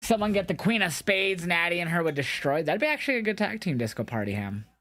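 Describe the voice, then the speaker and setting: A man's voice: sits high, big pitch swings, fast, pushed and bright. A man hosting a live reaction stream from home, joking with his chat and talking to his dog. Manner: chatty, jokey, talks to chat and his dog. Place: home room with carpet. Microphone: mic on a stand.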